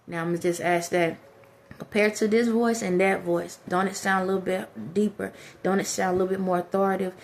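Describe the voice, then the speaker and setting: A woman's voice: mid-range voice, little pitch movement, brisk, creaky, few pauses, slight background noise. A woman talking straight to her viewers in a direct, preachy way, giving life advice. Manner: direct, preachy, addresses listeners as y'all. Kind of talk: motivational talk to camera.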